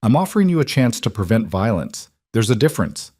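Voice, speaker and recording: A man voicing a cold, threatening mobster with a smooth, falsely friendly manner in an audiobook reading. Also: on the low side, sing-song, fairly quick, a little mellow, no room sound, clean studio sound. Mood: menacing.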